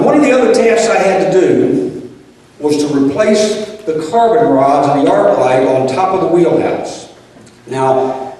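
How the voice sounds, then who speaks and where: High-voiced man spinning a tall tale. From North Louisiana. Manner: folksy, deadpan exaggeration with drawn-out pauses. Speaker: storyteller at a liars' contest. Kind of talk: told tall tale to a live audience. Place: stage in a large hall. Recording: echoey hall from far off with faint noise.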